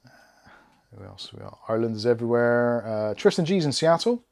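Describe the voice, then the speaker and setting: A man's voice: mid-range voice, very animated, fairly quick, vocal fry, darkish tone. Chatty man reading stream comments. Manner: casual, chatty, reads out viewer comments while working. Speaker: tech channel host. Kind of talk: live-stream PC build chat.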